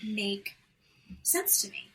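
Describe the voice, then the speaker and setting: A woman's voice: medium pitch, slow pace, poor audio. A woman co-hosting a podcast, chatting casually and bluntly about reality TV, swearing freely and acting out what others said. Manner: blunt, swears freely, animated retelling with mimicked quotes. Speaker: podcast co-host. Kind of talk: casual chat recapping reality TV.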